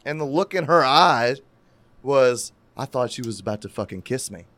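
A man telling a crude, animated story in casual profane podcast chat, laughing at his own tale. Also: mid-range voice, moderate pace, no echo.

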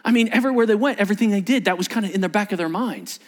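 A man preaching a sermon as a pastor, animated and acting out quotes in changing voices. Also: high voice, very fast, hardly any pauses.

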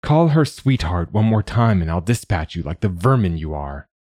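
A man's voice: low voice, very animated, moderate pace, darkish tone, dry recording, studio quality. A man reading a commanding armored woman. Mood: threatening. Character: confident, imposing woman in an exoskeleton.

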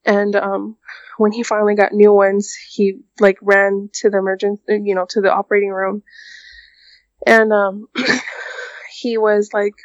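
A young woman tells a painful personal story in a halting way, leaning on fillers and restarting her sentences. Her voice sits at an ordinary middle pitch. It is recorded dry and sounds a little muffled. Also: no room sound. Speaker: guest recounting a personal experience.

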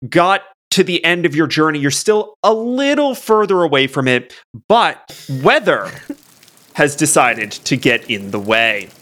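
A man's voice: a little high, sing-song, measured pace, a bit bright. A man narrating a tabletop game as game master, loose and full of fillers.

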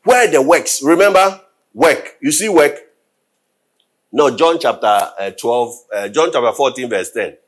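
A man preaching a sermon, repeating questions to his listeners and swelling into loud, drawn-out scripture readings. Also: medium pitch, animated.

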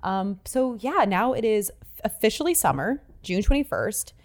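A woman's voice: a little high, sing-song, moderate pace. A woman co-hosting a podcast in casual chat, rambling with many restarts and repeated words. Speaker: podcast co-host. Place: New York City.

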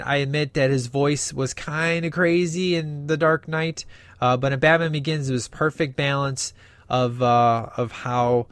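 A man's voice: mid-range voice, smooth, no room sound. A man giving casual, sarcastic comedic commentary, answering viewer remarks. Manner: sarcastic and casual, says flippin'.

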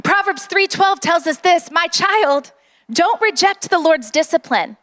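Middle-aged woman pastor, very high voice, earnest rallying sermon delivery. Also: expressive, measured pace, a bit bright.

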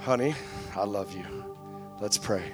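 A man voicing a gentle, loving father who speaks calmly and a little hesitantly to his daughter. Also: very high voice, brisk, soft background music, pitched above the performer's own voice, exaggerated voice. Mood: tender.

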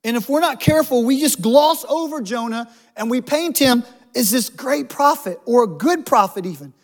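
High-pitched male pastor, chatty sermon style with jokes thrown in. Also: expressive, moderate pace. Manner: humorous, conversational preaching with asides.

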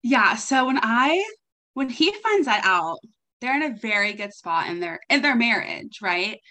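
A woman's voice: a little high, sing-song, unhurried, pushed and bright. A young woman co-hosting a podcast, chatting casually and gushing about a book, with "like" in nearly every sentence. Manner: gushing, chatty, heavy use of "like". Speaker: podcast co-host.

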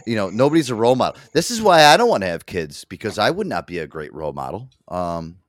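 Animated, cursing male show host. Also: lowish voice, quick pace, no room sound, studio quality. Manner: profane, animated storytelling with laughs. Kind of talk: casual chat.

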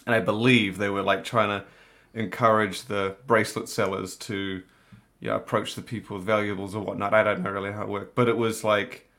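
A man's voice: lowish voice, level tone, a little fast, pushed and bright. A man in casual chat, telling a travel anecdote in a rambling, laid-back way with many fillers.

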